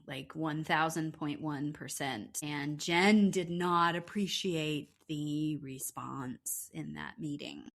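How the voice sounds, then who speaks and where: Woman, somewhat low voice, podcast co-host, casual agreeable recap talk. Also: a bit bright. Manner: agreeable, quick affirmations, recaps plot points. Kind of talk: casual chat recapping reality TV.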